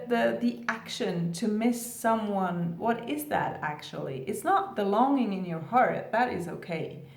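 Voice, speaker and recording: A woman's voice: fairly high pitch, darkish tone. A woman coaching on twin flames, talking casually to her viewers with many rhetorical questions and "like" fillers. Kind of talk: casual advice talk to camera. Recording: echoey room.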